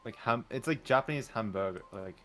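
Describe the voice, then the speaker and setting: A man's voice: fairly low pitch, fairly quick, a bit bright, soft background music. A man from Canada chatting casually as a streamer, hesitant and often searching for words. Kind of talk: casual chat.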